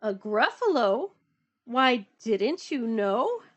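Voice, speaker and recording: A woman doing a slow, polite little mouse. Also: fairly high pitch, sing-song, full character voice. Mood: knowing. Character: clever small male mouse, calm and bold.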